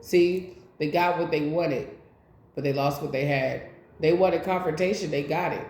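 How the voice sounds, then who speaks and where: A woman's voice: deep voice, moderate pace, a little mellow. Woman doing a tarot reading, blunt and cussing, talking right at you, echoey room. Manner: blunt, profane, talks straight to the viewer. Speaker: tarot reader.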